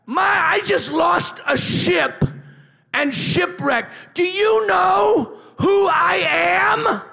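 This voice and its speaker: A defiant apostle roars at a viper in slow, drawn-out shouts, as a male preacher puts him on. The voice sits very high and has a gravelly edge. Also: heavily acted.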